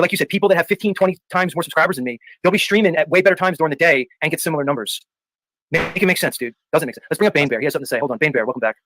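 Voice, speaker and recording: A man with a fairly bright voice on the high side hosts a livestream panel in casual chat, reading viewer comments aloud and arguing emphatically with plenty of "dude" and "bro." He is argumentative and repeats points for emphasis. The recording is low quality, with no room sound.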